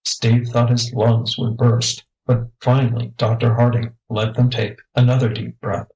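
A man's voice: medium pitch, level tone, unhurried, warm tone, poor audio. Man reading a children's story aloud. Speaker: audiobook narrator. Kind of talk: scripted narration.

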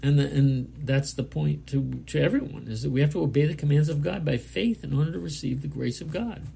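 A male preacher reads scripture aloud and breaks off to explain it in a casual, halting way. His voice is heavily gravelly with a warm, mellow tone, and there is a faint hiss behind him. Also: fairly high pitch. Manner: casual, halting explanation with fillers between readings. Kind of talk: Bible study sermon, reading scripture and commenting.

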